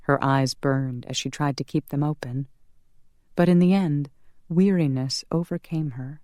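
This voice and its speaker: An audiobook narrator reading a romance in a measured, calm manner. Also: medium pitch, no room sound, studio quality. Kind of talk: scripted narration.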